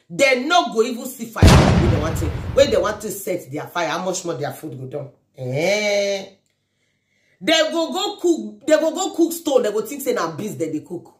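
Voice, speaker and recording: A woman with a Nigerian accent giving a birthday shout-out in a sing-song, chanting way, mixing Pidgin and Igbo phrases with blessings and prayers. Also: mid-range voice, echoey room, slight background noise. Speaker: vlogger.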